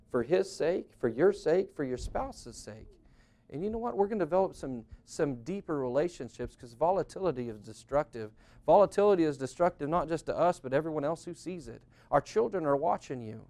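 Male pastor, middle-aged, earnest sermon delivery, slightly high voice, acts out spouses' lines. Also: a little mellow. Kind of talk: sermon on marriage.

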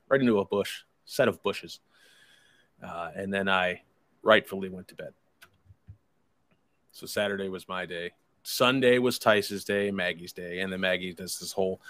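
A man's voice: lowish voice, moderate pace, no room sound. A man telling a rambling, profane story in casual chat, acting out his friends' lines. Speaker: podcast host telling a story.

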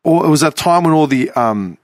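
A man hosting a podcast, telling a story in an animated, casual way with some swearing. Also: on the high side, no room sound. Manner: animated, swearing, quick bursts of laughter. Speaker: podcast host.

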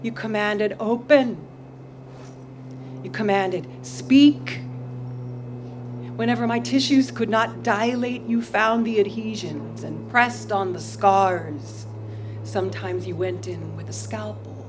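A woman poet reads her work aloud outdoors, unhurried and deliberate. Her delivery swings between fierce intensity and dry self-mockery. Faint ambient sound sits behind her. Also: mid-range voice, a little hiss or hum. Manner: intense and dramatic, turning wry and self-mocking. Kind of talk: live poetry reading. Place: outdoor backyard venue.

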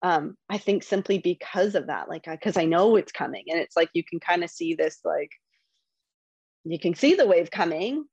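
A woman in her thirties talks in a reflective, halting way, with many fillers and restarts. Her low-pitched voice has a gravelly fry, and the recording is dry and a little dull. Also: animated, a little mellow, dry recording. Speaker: guest. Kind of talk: candid conversational interview.

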